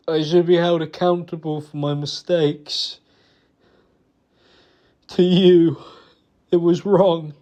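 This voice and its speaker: A young man giving a halting, emotional apology close to tears, with many restarts. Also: fairly high pitch, flat delivery, mellow. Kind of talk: recorded personal apology. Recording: dull lo-fi recording.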